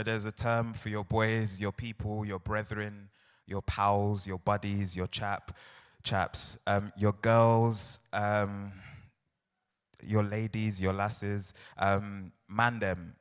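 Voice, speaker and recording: A young man from South London with a low, unhurried voice performs spoken word poetry on stage. He chats and jokes with the crowd between lines. The sound carries a long hall reverb. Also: fairly bright tone. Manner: chatty, playful banter with the crowd. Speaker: poet. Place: large hall on stage with audience.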